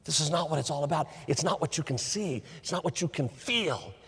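High-voiced preacher in a reverberant hall. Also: male voice, lively intonation, brisk, fairly bright tone, husky. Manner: storytelling, repeats phrases for emphasis. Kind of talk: sermon. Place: church sanctuary.

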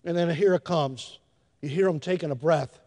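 An older man preaching a sermon in a church, telling folksy stories with emphatic shifts in loudness. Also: on the high side, moderate pace. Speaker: pastor. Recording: long hall reverb.

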